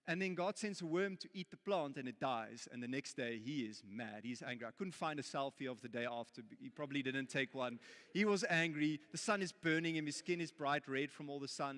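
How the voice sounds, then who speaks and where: A man's voice: medium pitch, moderate pace, fairly bright tone, long reverb tail. A man with a South African accent preaching a sermon, telling a story in a jokey, playful way, then turning earnest. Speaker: pastor. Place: church auditorium.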